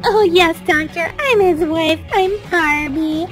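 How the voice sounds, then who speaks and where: A woman's voice: very high-pitched, takes it slowly, soft background music. Woman voicing a squealing, bossy toy doll. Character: bubbly self-absorbed young woman doll.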